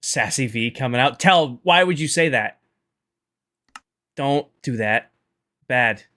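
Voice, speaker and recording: Bright-voiced chatty male streamer. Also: mid-range voice, animated, slow pace. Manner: chatty, sarcastic, addresses chat directly. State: tired at end of long stream. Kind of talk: casual livestream chat.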